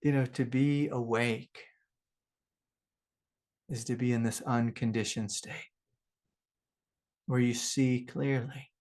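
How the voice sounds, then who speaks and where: A middle-aged man, a spiritual teacher, telling a personal story in a relaxed, rambling way with many fillers and soft laughs. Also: mid-range voice, slow pace, long pauses. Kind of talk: relaxed satsang talk with personal stories.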